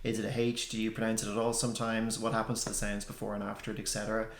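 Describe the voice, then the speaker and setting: Young guy explaining stuff, gravelly, lots of ums, echoey room. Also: fairly low pitch, racing, slight background noise. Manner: relaxed explaining, many ums. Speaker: language teacher. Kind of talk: casual video lesson.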